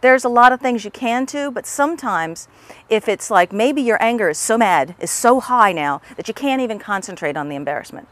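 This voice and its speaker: A woman's voice: a little high, lively intonation, brisk, fairly bright tone. Woman patiently teaching a tapping technique. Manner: repetitive, patient, talks through tapping phrases aloud. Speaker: tapping instructor. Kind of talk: instructional demonstration.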